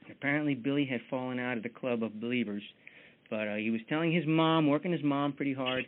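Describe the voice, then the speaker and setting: A man's voice: mid-range voice, quick pace, slight background noise. Folksy man leading a tinny team call. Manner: folksy, chatty, many fillers. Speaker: team mentoring call leader. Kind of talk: motivational team talk.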